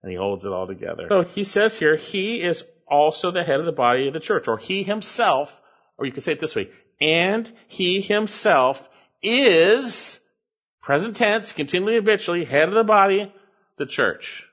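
A man preaching an expository sermon, stressing key phrases with repetition and dropping into low asides. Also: very animated, brisk, muffled recording. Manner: emphatic, repeats key phrases, swings between loud stresses and low asides. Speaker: pastor.

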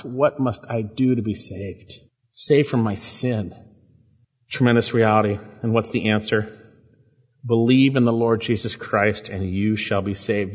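A man preaching a sermon, reading scripture aloud and stopping to ask his listeners questions. His medium-pitched voice carries a long reverb from a large church hall. The recording is dull and lo-fi. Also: breathy edge. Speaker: pastor. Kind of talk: expository sermon.

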